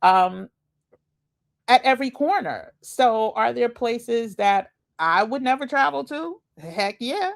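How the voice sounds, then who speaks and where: A woman's voice: a little high, animated, slow pace, vocal fry. A woman host giving casual, chatty commentary with slangy asides and laughs as she reacts to videos.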